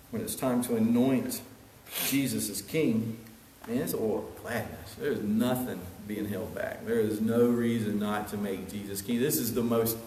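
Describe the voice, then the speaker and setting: A man preaching a sermon earnestly, building to emphatic peaks and then dropping quiet. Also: on the low side, slight background noise. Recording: echoey hall with long reverb, faint ambience.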